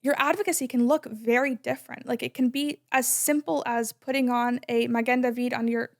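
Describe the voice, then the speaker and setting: A woman in her twenties, a podcast guest talking in a loud, emphatic, chatty way with many "like"s. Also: on the high side, fairly even intonation, fairly quick, gravelly. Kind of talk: casual conversation.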